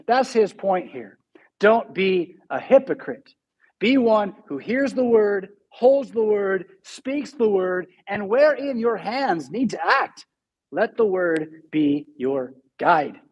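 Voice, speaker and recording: Husky-voiced man preaching a sermon. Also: sits high, darkish tone. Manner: conversational preaching, reads scripture slowly and emphatically. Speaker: pastor.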